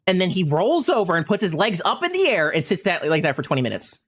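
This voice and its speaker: A man's voice: sits high, quick pace. A man telling a funny story in casual chat while streaming a game. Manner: animated anecdote-telling, often breaking into laughter. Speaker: gaming streamer.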